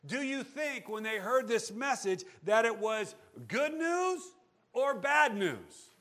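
A male pastor preaching a sermon, animated, asking the congregation rhetorical questions. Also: very high voice, takes it slowly.

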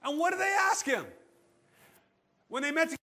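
A male pastor preaching a sermon, animated, asking the congregation rhetorical questions. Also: very high voice, brisk, gravelly.

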